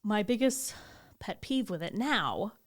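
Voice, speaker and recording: A young woman chats casually as a podcast co-host, telling a story with a lively, swooping voice. She acts out what others said and swears freely as she goes. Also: mid-range voice, unhurried. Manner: animated storytelling, acting out quotes, swearing. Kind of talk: casual chat.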